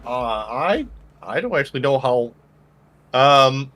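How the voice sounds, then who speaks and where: Brief: hesitant male player, halting speech with many pauses. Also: mid-range voice, big pitch swings, a bit bright. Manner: hesitant, full of ums and uhs. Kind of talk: tabletop game play.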